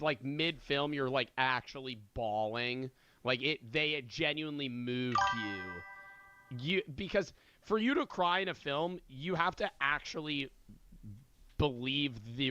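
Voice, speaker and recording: A man's voice: mid-range voice, expressive, unhurried, pushed and bright, dry recording, dull audio. A man giving earnest, reflective commentary in a video being played back. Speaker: video creator. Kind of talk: casual commentary.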